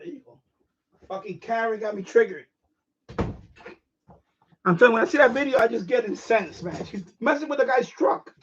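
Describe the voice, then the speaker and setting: High-voiced man ranting with profanity. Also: husky. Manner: profane, emphatic, repeats phrases. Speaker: ham radio live streamer. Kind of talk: casual live-stream rant. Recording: dull lo-fi stream audio.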